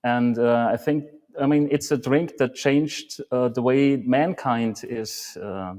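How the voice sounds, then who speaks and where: A man's voice: mid-range voice, slow pace, a little mellow. A man appearing as a brewery guest on a live beer tasting, speaking in a hesitant way full of ums and uhs. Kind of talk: casual live-stream chat. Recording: long hall reverb.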